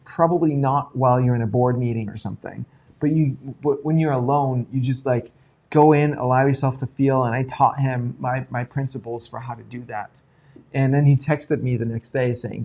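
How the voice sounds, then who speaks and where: A man hosting an unscripted live talk, candid and profane, swinging between hushed and excited tones. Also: medium pitch, unhurried. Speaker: host.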